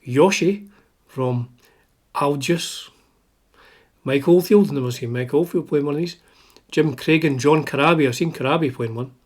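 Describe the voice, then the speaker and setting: A man's voice: a little high, normal speed, long pauses. A Scottish man hosting a guitar channel, chatting casually with wry jokes and muttered asides. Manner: wry, chatty, drops to asides under his breath. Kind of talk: casual chat.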